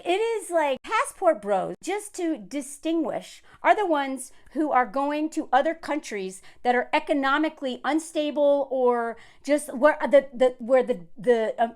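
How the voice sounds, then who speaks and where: A woman giving reaction commentary on social media posts, in an animated, exasperated rant full of asides. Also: high-pitched.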